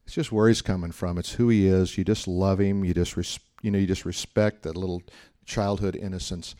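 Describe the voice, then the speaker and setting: A man's voice: low-pitched, fairly even intonation, a little fast, mellow. A man, a pastor, giving a sermon in a conversational, humorous style full of anecdotes.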